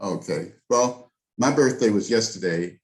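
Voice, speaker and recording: A man in his seventies, lively and teasing at a club meeting. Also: lowish voice, unhurried. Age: 70s. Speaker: club member.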